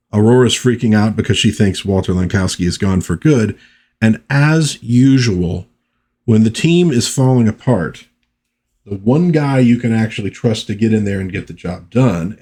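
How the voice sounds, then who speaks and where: Mellow-voiced man reviewing comics. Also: on the low side, slightly rough. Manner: relaxed, conversational, chatty asides. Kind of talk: casual commentary, reading comics aloud.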